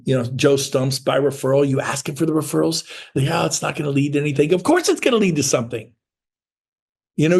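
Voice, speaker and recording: A middle-aged man coaching real estate agents in a motivational sales talk, blunt and energetic, acting out little dialogues. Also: on the high side, creaky, husky.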